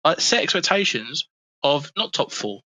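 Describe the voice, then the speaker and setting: A man with a London accent, co-hosting a football podcast, animated and rambling, swearing freely. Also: on the high side, normal speed, no room sound, poor audio. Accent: London English. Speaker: podcast co-host. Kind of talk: casual football chat.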